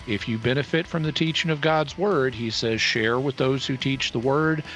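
A male radio co-host making an earnest, measured pledge appeal, quoting scripture. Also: medium pitch, a bit bright. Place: radio studio.

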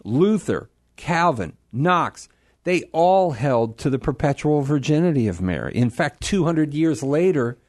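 Animated male radio guest explaining. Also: on the high side, a little slow, no echo, clean studio sound. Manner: animated, explanatory, laughs at himself. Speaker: guest, apologist.

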